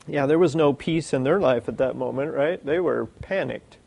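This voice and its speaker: A man preaching a sermon, reading scripture aloud and acting out the lines of the people in the story with lively energy. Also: mid-range voice, brisk, gravelly, hardly any pauses. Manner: animated, acts out quoted lines, reads scripture.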